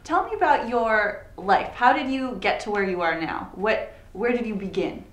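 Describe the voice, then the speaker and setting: A woman's voice: medium pitch, animated, moderate pace, roomy sound, heavy background noise. A young woman hosting an interview show in a bubbly, playful valley-girl way. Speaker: show host.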